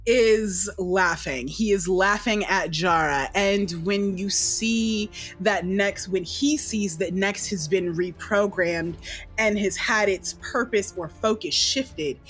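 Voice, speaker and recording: A woman running a tabletop game as dungeon master, narrating slowly in a casual, descriptive way. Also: mid-range voice, husky, soft background music. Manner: slow, descriptive, casual swearing.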